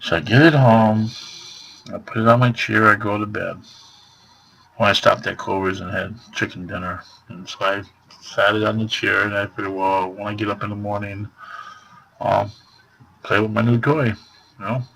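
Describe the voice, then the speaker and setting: Gravelly man rambling through a complaint. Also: lowish voice, fairly even intonation, normal speed, pauses often, fairly bright tone, low-quality recording. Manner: rambling retelling full of fillers; exasperated complaining. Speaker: vlogger. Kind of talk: casual storytelling vlog.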